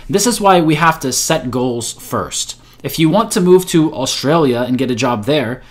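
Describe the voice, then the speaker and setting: A man who is a native English speaker, giving a motivational English lesson and repeating his key points with emphasis. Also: on the high side. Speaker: English teacher.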